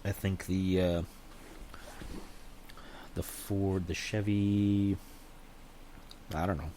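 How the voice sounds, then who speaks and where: A man's voice: sits low, flat delivery, extremely slow, warm tone, a little hiss or hum. A man chatting casually on his own show, rambling and unsure of himself, often hedging and restarting his sentences. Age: adult with a young daughter. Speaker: channel host. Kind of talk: casual solo chat.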